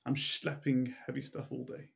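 A man's voice: mid-range voice, level tone, moderate pace, vocal fry. Man telling of a humble, timid water carrier. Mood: humble, weary. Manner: quiet, plain-spoken.

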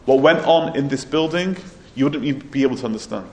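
A man's voice: mid-range voice, quick pace, darkish tone, natural voice. A man voicing a grieving, earnest prophet. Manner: earnest, patient explaining. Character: grieving wise male prophet, patient and earnest. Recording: roomy echo, faint ambience.

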